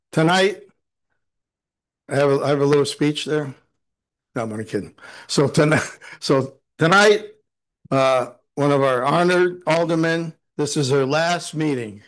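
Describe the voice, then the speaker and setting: A man presents an award at a town council meeting in loose, folksy remarks. He jokes and hesitates with "uh" between phrases. His voice sits a bit higher than most men's. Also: a little slow, long pauses, rough recording. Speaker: city official presenting an award.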